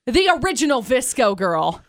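A woman co-hosting a radio show, telling animated stories and laughing often. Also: a little high, normal speed, dry recording, clean studio sound. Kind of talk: casual radio banter and anecdote. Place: radio studio.

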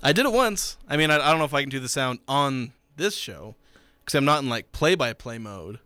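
A man's voice: medium pitch, animated, brisk, sharp tone, smooth, no echo. A man co-hosting a sports radio show, talking in an easygoing way and leaning on fillers. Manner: easygoing, leans on "you know". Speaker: co-host and play-by-play announcer. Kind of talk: casual sports radio chat.

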